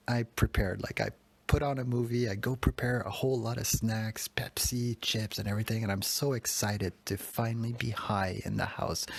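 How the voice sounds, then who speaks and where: A man telling a personal story on a podcast, rambling and self-critical, with casual swearing. His voice sits low, gravelly and a little husky throughout. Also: dry recording.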